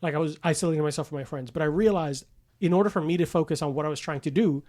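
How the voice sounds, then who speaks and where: A man's voice: fairly high pitch, rapid-fire, a little mellow. Laughing, profane man in his forties. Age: 40s. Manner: profane, laughing storyteller who acts out quoted voices. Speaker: podcast host. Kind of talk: casual chat.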